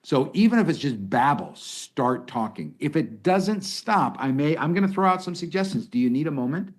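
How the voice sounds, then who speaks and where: A man's voice: a little high, moderate pace. A middle-aged man talking as an expert guest, giving conversational advice and acting out example lines as he goes. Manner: animated, restarts sentences, acts out example lines. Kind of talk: conversational advice in a podcast interview.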